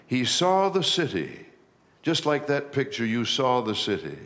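A middle-aged man preaching a sermon as pastor, rising in pitch and volume to stress key phrases and slowing down for weight. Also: big pitch swings, fairly bright tone.

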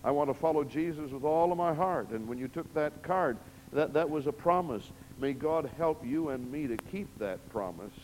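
Man preaching in a church, kinda high voice, big dramatic swings soft to loud, long echo off the hall. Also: expressive, moderate pace. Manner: dramatic, emphatic reading with big swings in loudness. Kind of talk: sermon. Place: church sanctuary.

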